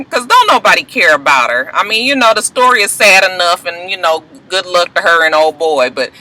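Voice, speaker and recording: A woman rants through a reality-show recap with a casual, profane edge. Her voice is very bright and sharp. She keeps the talk animated, dropping into mocking voices of the cast. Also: on the low side, brisk, few pauses, rough recording. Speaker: YouTube reality-show reviewer. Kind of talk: casual vlog review.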